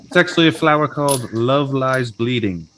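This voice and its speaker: Male player, even mid voice, courteous in-character delivery. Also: mid-range voice, moderate pace, slight background noise, low-quality recording. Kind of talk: in-character tabletop role-play.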